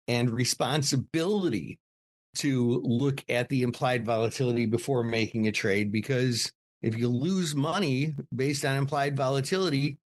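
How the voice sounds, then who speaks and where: Matter-of-fact male podcast co-host. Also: medium pitch. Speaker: podcast co-host, options educator. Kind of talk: casual podcast banter.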